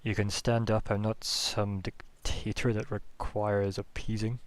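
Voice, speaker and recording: A man voicing a haughty, condescending male elf apprentice, deep and cold. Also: flat delivery, unhurried, close to an everyday voice. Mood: dismissive.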